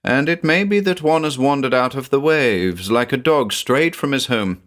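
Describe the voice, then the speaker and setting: A man's voice: medium pitch, expressive, normal speed, a bit bright, voice pushed up, natural voice. A man voicing an earnest medieval village priest who speaks with a solemn, reassuring manner. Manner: solemn, reassuring, forced cheer.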